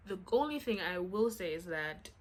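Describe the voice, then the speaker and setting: A woman's voice: mid-range voice, animated, moderate pace. A woman casually telling a personal story to her vlog audience, acting out the quotes with lots of "I'm like" asides.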